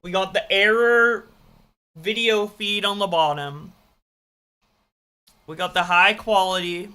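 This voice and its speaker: Brief: reaction streamer, bright and punchy, swears a lot, laughs at their younger self. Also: mid-range voice, takes it slowly, smooth. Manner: swearing, excitable, self-mocking. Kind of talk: casual reaction commentary.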